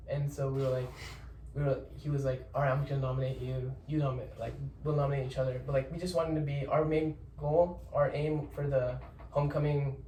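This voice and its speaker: A young man, a podcast guest, telling a story in casual chat. He rambles, repeats words and gives lots of shout-outs. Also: mid-range voice, little pitch movement, brisk. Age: young adult. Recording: roomy echo, distant mic, faint noise.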